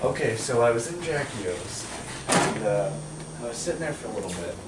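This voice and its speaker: A man's voice: medium pitch, expressive, fairly quick. A young man casually telling a long story, full of fillers and acted-out quotes. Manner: rambling, full of fillers, acts out quoted voices. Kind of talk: casual anecdote. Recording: echoey room with loud background noise.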